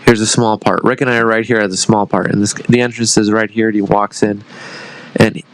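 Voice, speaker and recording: A man's voice: fairly low pitch, little pitch movement, a little fast, no room sound, rough recording. A man in his thirties from the United States, a retired army veteran who is a guest on a podcast, telling a rambling, profane, self-deprecating story in casual conversation.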